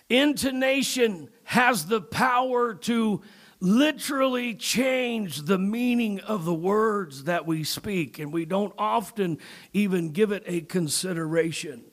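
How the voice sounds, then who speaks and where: Preaching from the pulpit, this man swings between hushed, low talk and booming shouts for emphasis, frequently saying things more than once.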